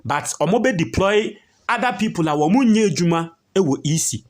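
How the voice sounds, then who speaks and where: A Ghanaian-accented man speaks in a high, animated voice that rises and falls widely. He hosts a political commentary, making his points with insistent emphasis as he reads passages aloud and explains them. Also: moderate pace. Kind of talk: news commentary.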